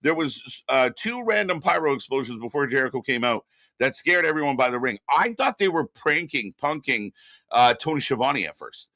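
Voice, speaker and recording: A man co-hosts a live wrestling reaction stream in a loose, casual way, often stopping to welcome viewers from the chat by name. His voice sounds bright and forward. The recording is dry and close, with no room echo. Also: medium pitch, big pitch swings, moderate pace.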